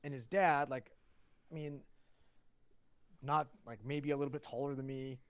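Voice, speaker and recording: A man co-hosts a podcast and tells a story in casual chat, acting out each side of the exchange and swearing freely. His voice sits at an ordinary pitch. The mic is close and dry, with no room sound. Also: moderate pace, clean tone, no echo. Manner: animated, swearing, acts out dialogue. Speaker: podcast co-host.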